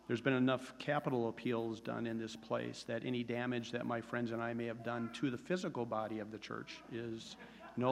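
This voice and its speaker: A man in his sixties gives his personal testimony to a congregation in an earnest, steady way, hesitating now and then. His delivery is flat and even, and his voice carries a long reverb through a large church sanctuary. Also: mid-range voice, creaky. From United States. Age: 60s. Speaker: church member giving testimony.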